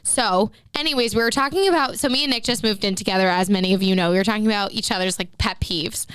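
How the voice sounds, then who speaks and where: A woman's voice: mid-range voice, racing, fairly bright tone, smooth, no room sound, clean studio sound. A woman co-hosting a podcast in casual chat, bubbly and laughing often. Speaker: podcast co-host. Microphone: studio podcast mic.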